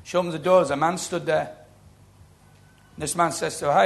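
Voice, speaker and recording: A middle-aged man preaching a sermon, telling stories with lively quoted voices. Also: a little high, moderate pace, gravelly. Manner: storytelling, animated, acting out quoted voices. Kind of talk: sermon with testimony.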